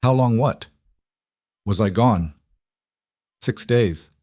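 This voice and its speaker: A man's voice: lowish voice, slow, darkish tone, dry recording, clean studio sound. A man voicing a tired young female nurse in an audio story, speaking small, careful and professional.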